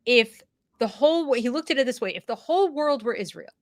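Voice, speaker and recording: Animated woman host with a dry sound. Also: fairly high pitch, fast, dry recording. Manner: animated, many fillers and restarts. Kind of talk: conversational discussion.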